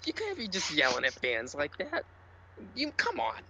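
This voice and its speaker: A man co-hosting a casual sports podcast, ranting loudly, sarcastic and profane. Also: a little high, wildly swooping pitch, normal speed, very noisy. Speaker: podcast co-host.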